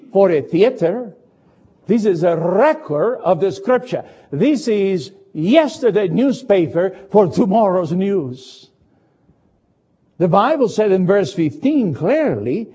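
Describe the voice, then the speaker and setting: A man preaching in a high, lively voice that climbs and drops through a dramatic retelling. His tone is dark and husky, he speaks English as a with as his first, and he moves slowly, switching between loud and hushed passages. The sound is dull and lo-fi. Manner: slow, dramatic storytelling with sudden shifts between loud and hushed. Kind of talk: sermon. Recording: dull lo-fi recording.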